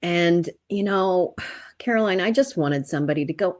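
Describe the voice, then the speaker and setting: A woman guest on a podcast, calm and reflective, who turns lively when she tells stories. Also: on the low side, a little slow. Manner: calm and reflective, turning animated while telling stories. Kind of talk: casual interview chat.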